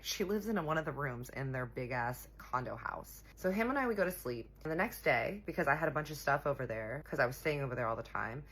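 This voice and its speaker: A young woman telling a personal story in a sassy, animated way, talking straight to her viewers. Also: sits low, breathy edge. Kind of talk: casual storytime.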